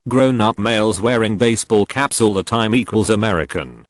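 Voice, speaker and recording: A man's voice: lowish voice, moderate pace, no room sound. A man narrating, reading out a list of online comments. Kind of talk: scripted narration.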